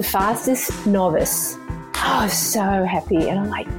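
A woman in her fifties, a former elite runner, telling her story in a casual, animated way and laughing often. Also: medium pitch, a little slow, music in the background. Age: 50s.

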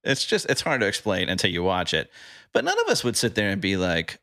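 A man's voice: fairly low pitch, wildly swooping pitch, a little fast, pushed and bright, no room sound, studio quality. A man hosting a podcast, chatting casually and rambling, repeating words and often tagging "right?" on the end. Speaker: podcast host.

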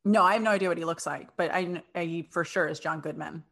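A woman co-hosting a casual chat, chiming in with expressive reactions and exclamations. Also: fairly low pitch, fast. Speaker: podcast co-host.

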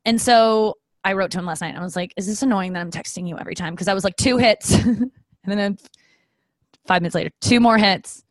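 A woman's voice: mid-range voice, fairly quick, no echo. A woman in her forties talks alone into a podcast microphone in a loose, rambling monologue. She is self-deprecating, swears casually and keeps drifting off track before steering back. The sound is close and dry, with no room around it. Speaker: podcast host.

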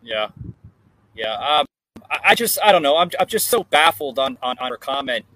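A man hosts a casual political podcast, his voice bright and a little husky. He talks with many fillers and restarts, sounding hesitant as he searches for his words. He is recording outdoors on a porch. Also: medium pitch, big pitch swings, moderate pace, poor audio. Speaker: podcast host. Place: outdoor porch in a hot climate.

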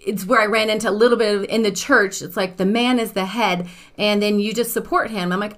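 Woman pastor chatting, lively storyteller, does the voices of people in her story. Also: medium pitch, fairly quick. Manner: animated storytelling, acts out quoted dialogue. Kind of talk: casual conversation.

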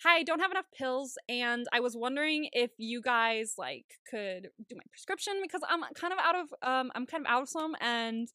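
A woman doing a perky, overly polite young store clerk. The voice goes up high and sweet, bright and proper, with every word smoothed into helpful cheer. It has the sing-song lift of someone talking to a customer. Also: animated, normal speed, hardly any pauses, dry recording, clean studio sound. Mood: sweetly apologetic. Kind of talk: casual chat.

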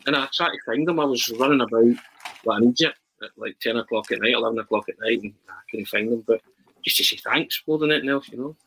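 A man, a podcast guest, telling a travel anecdote in a halting, animated way with many restarts. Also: medium pitch, breathy edge, low-quality recording. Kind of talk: casual storytelling.

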